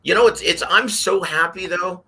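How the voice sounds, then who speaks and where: A man giving his take on a boxing panel, telling stories and acting out quotes in a lively way. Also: high voice, normal speed, a little hiss or hum. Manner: animated storyteller, acts out quotes. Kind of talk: casual panel commentary.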